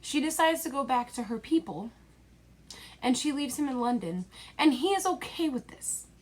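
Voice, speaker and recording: A woman's voice: high-pitched, animated, normal speed. A young woman in a rambling, exasperated movie-review rant, packed with fillers and dismissive asides, recorded at home.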